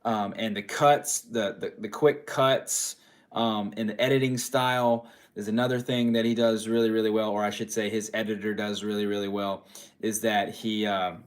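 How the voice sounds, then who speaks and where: A man's voice: lowish voice, little pitch movement, moderate pace. A tired man, a dad, chatting casually on a livestream, rambling and repeating his phrases while answering viewer chat. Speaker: streamer reading viewer chat.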